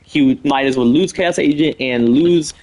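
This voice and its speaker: A man's voice: medium pitch, a little slow, darkish tone, slight background noise, rough recording. A man streaming live, casually brainstorming a story with lots of "pretty much" and restarts. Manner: rambling, fillers like "pretty much".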